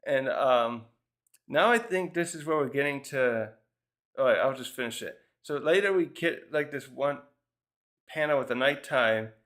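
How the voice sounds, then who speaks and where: A man's voice: mid-range voice, unhurried, a bit bright. A man casually reviewing a manga chapter, thinking aloud with frequent restarts and fillers. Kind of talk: casual rambling commentary.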